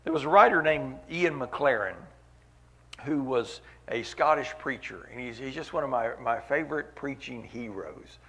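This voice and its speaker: A man's voice: mid-range voice, animated, moderate pace, bright, forceful tone. A man preaching a sermon at a church meeting, earnest, repeating key phrases for weight.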